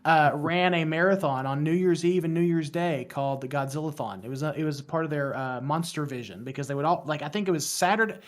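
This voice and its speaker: A man in his thirties with a West Virginian accent, talking casually as a podcast guest. His voice sits a little higher than most men's, and he rambles, restarts his sentences and plays himself down. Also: brisk, hardly any pauses. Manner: rambling, self-deprecating, stumbles and restarts often. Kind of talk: casual interview chat.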